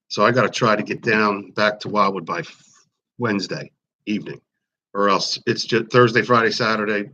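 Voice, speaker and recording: A man's voice: lowish voice, fairly bright tone. A man, chatting casually on a home live stream, rambling and greeting viewers by name. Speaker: YouTube livestream host. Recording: slightly dull lo-fi stream audio.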